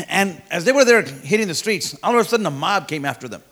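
A man preaching a sermon in a folksy, emphatic way, often stumbling over fillers and repeated words, then building up to loud declarations. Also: high-pitched, expressive, fast.

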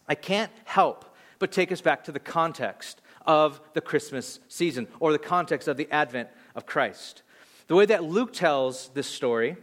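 A man in his thirties preaching a sermon as a pastor, telling an animated, self-deprecating story with halting restarts in his reflective moments. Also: a little high.

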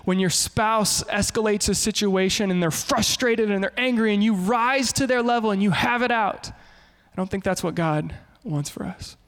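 A male pastor preaching a sermon in an animated way, often slipping into quoted voices. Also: sits high, normal speed, hardly any pauses, big-room sound.

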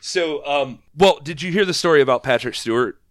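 A man's voice: a little high, brisk, no echo, studio quality. A man co-hosting a casual film talk in an easygoing, agreeable way. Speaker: podcast co-host.

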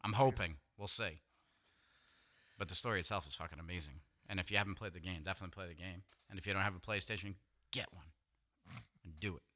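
A man co-hosting a podcast, excitable and swearing freely in casual chat. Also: sits low, fast talker, pauses often. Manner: excitable, swears, laughs easily. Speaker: podcast co-host.

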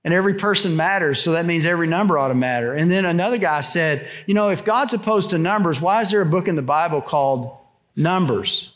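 An older man preaching a sermon, telling a story conversationally with restarts, dropping low and soft for quoted lines. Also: animated, fast talker. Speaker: pastor.

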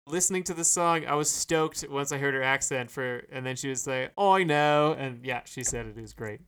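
Bright, clear-voiced rambling man. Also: mid-range voice, fairly even intonation, brisk. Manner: rambling, hesitant, many fillers. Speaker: podcast co-host. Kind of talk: casual chat.

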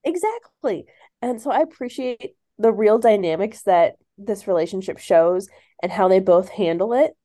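A woman's voice: medium pitch, normal speed, warm tone. A woman co-hosting a book review chat, talking enthusiastically and laughing between her remarks. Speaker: book podcast co-host. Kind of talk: casual chat.

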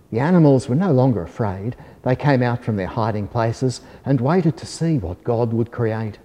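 A man reading a children's story aloud in a gentle, measured, soft-spoken way. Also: mid-range voice, lively intonation. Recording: long hall reverb.

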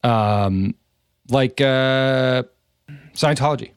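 A man co-hosting a podcast, telling a story in a casual, animated way, swearing and acting out quoted voices. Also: mid-range voice, extremely slow, smooth, dry recording, studio quality. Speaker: podcast co-host.

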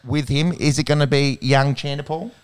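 Brief: Australian male podcast host, smooth resonant tone, joking, easygoing banter. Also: fairly high pitch, fairly even intonation, normal speed. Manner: joking, laid-back banter. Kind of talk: casual chat.

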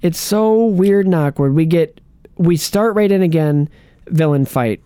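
A man's voice: a little high, measured pace, dark tone, clean tone, no room sound, clean studio sound. A man co-hosting a casual movie review podcast, sarcastic and joking, laughing often. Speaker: podcast co-host.

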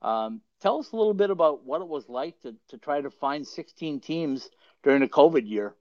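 A man's voice: fairly high pitch, animated, normal speed, dry recording. A man hosting a podcast who chats and tells stories casually, rambling and often chuckling mid-sentence. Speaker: podcast host. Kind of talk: casual storytelling chat. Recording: dull lo-fi dry sound.

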